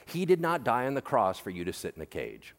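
A male pastor preaching a sermon in a lively, conversational and joking manner. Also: medium pitch, a little fast. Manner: animated, jokey, conversational preaching. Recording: long hall reverb.

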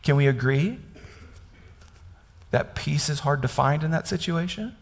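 A man's voice: fairly high pitch, expressive, unhurried, vocal fry, long reverb tail. A man from Kansas preaching a conversational sermon, often asking his listeners questions. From Kansas, United States. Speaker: pastor.

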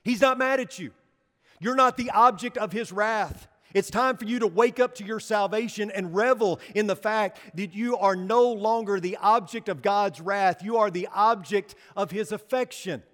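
A man with a high, ringing voice delivers a sermon from the pulpit. He speaks earnestly and then presses hard with urgent appeals. A long hall reverb trails his words. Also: moderate pace, hardly any pauses, fairly bright tone. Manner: earnest, rising to emphatic exhortation. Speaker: pastor. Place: church sanctuary.

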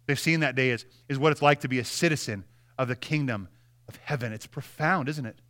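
A young man preaching a sermon in a conversational way, dropping into soft, quiet voices when acting out apologies. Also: mid-range voice, fairly quick. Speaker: pastor.

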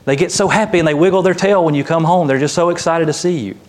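A man pastor preaching a sermon in a conversational way, with light humor and lively quoted voices. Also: fairly high pitch, quick pace.

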